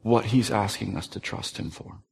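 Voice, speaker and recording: A man in his thirties preaching a sermon, earnest, dropping to soft, hushed tones at tender moments. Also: lowish voice, steady tone, normal speed, vocal fry. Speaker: pastor. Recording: long hall reverb.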